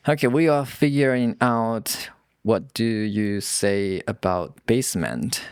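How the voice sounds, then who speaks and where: A man co-hosting a podcast in English, giving short replies with halting phrasing. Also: fairly low pitch, clean tone, dry recording, clean studio sound. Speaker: podcast co-host. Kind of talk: casual chat.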